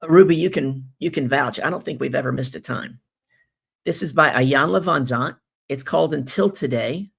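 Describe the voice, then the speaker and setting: A woman hosting a live business-coaching show, greeting viewers and reading their comments in an animated, effusive way with rhetorical questions. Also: low-pitched, creaky, breathy edge.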